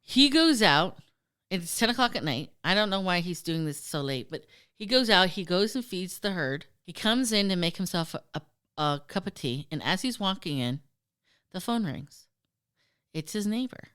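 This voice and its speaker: Animated woman podcast host, bright voice. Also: fairly low pitch, normal speed, clean tone. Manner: animated, profane, acts out quoted voices. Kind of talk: casual storytelling chat.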